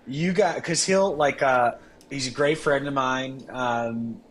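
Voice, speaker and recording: A man guesting on a casual talk show, easygoing and quick to laugh. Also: mid-range voice, a bit bright, a little hiss or hum. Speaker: guest, cigar company representative. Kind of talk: casual chat.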